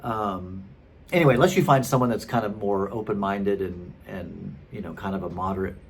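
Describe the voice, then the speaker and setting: A man's voice: fairly low pitch, moderate pace, breathy edge. A man in his thirties, a former pastor, telling his story casually and rambling with many fillers. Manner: chatty and rambling, many fillers and restarts, frequent laughs.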